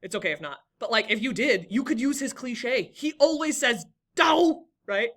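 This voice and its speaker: A woman's voice: a little high, lively intonation, fairly quick, a bit bright. A young woman teaching a classroom lesson, encouraging and talking to students by name.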